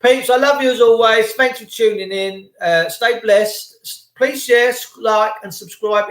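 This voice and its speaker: A man's voice: high-pitched, creaky, a bit bright. A man, from England, ranting emphatically in a casual monologue to camera as a vlogger. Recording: echoey room.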